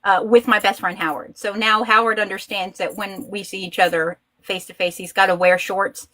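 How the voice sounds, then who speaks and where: A woman guest in a casual chat, a lively storyteller who acts out quoted voices. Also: mid-range voice, normal speed.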